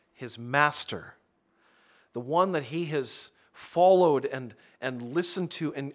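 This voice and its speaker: Man preaching to a congregation, slightly higher voice, talky and conversational, restarts phrases often. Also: fairly bright tone. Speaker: pastor. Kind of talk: sermon.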